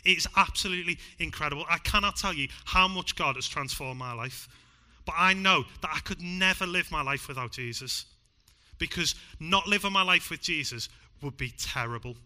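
A Liverpool-accented man delivers a sermon to a church congregation. His voice is strikingly bright and sits a little high. He pushes hard on key lines, then drops to a near hush. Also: normal speed. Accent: Liverpool (Scouse). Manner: emphatic, swings from loud to hushed. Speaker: preacher.

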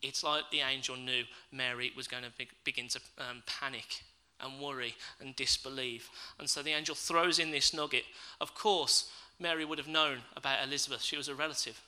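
A man's voice: medium pitch, steady tone, fairly quick, few pauses, sharp tone, clear, resonant tone, low-quality recording. A man preaching a sermon, reading scripture and then reflecting aloud and asking his listeners questions.

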